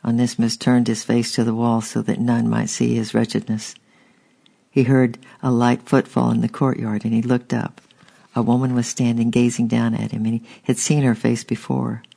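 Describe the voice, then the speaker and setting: A man's voice: medium pitch, level tone, moderate pace, creaky, mellow, slightly rough. A man narrating a storybook steadily and unhurriedly, with small restarts. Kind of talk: audiobook narration.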